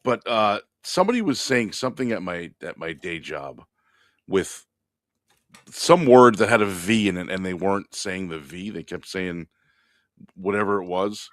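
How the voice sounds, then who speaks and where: A man with a lowish voice co-hosts a comedy podcast and tells a rambling story about a coworker. He talks casually, swears a lot and laughs as he goes. The recording sounds dry and close. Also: normal speed, no room sound. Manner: profane, animated, laughs while telling stories. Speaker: podcast co-host.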